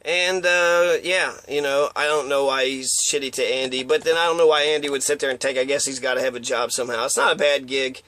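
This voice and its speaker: A man's voice: medium pitch, steady tone, fairly quick, few pauses, bright, forceful tone. A man giving a rambling, profane monologue of opinions, now and then acting out quotes in mocking voices. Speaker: commentator.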